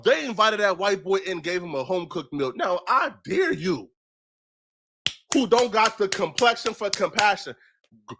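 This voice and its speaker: Clip commentator: man, high and sharp voice, ranting, preachy and mocking. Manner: preachy, mocking, emphatic rhetorical questions.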